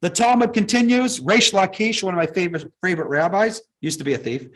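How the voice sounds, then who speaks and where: Rabbi guy chatting thru a lesson, kinda husky, high voice, jokey asides. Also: a little fast, low-quality recording. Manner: conversational, joking asides to congregants. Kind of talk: synagogue teaching talk.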